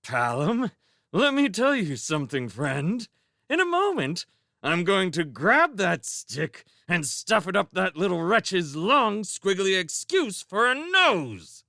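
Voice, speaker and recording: A man's voice: fairly high pitch, very animated, unhurried, a bit bright, no echo, clean studio sound, pitched above the performer's own voice. A man voicing a brave young male mouse warrior in a storybook, earnest and a little wry. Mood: seething.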